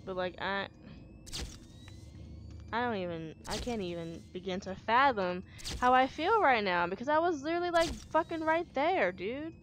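A woman's voice: a little high, animated, moderate pace. Annoyed lady gamer venting and cussing, background noise going. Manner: exasperated, swearing, slangy. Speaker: gaming channel host. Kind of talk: let's play commentary.

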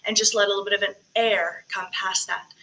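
A woman's voice: medium pitch, fairly even intonation, brisk, pushed and bright, poor audio. A woman directing a choir rehearsal, explaining diction and breathing and singing short phrases to demonstrate. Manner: coaching, demonstrating sung phrases between spoken tips. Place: recorded alone for virtual choir practice.

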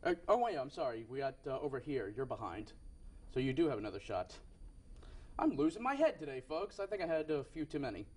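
A man's voice: medium pitch, sing-song, a little fast, husky. A young man hosting a game show in a TV studio, with upbeat patter and frequent self-corrections.

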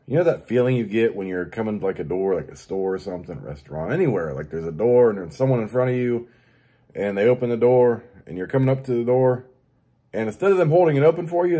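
Animated and quick, with a dark, breathy voice, a man rants crudely on his own show. He swears nonstop about daily annoyances and mockingly imitates other people in a high voice.

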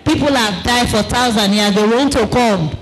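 A woman giving an emotional religious testimony. She speaks dramatically and emphatically, repeating phrases, breaking into shouts, and using non-standard English grammar. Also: a little high, moderate pace, rough recording.

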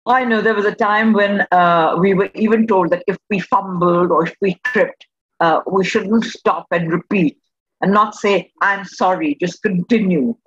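A man with a high voice recalls his broadcasting days in a reflective way. He speaks as a panelist, and the audio is dull and lo-fi. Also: a little slow, a bit bright, breathy edge, no echo. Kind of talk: podcast panel discussion.

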